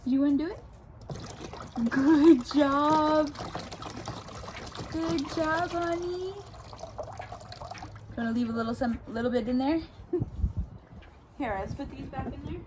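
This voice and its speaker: A mom vlogger chatting casually in her backyard, relaxed with the camera and turning to sing-song baby talk with her toddler. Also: high voice, fairly quick, pauses often. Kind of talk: casual home vlog chat. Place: backyard outdoors. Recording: outdoor ambient noise.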